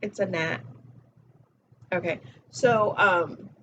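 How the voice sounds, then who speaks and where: Slow, blunt woman giving profane pep talk. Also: lowish voice, a bit bright, highs cut off, slight background noise. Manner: blunt, profane, repeats key phrases. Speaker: spiritual coach. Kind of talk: casual motivational talk to camera.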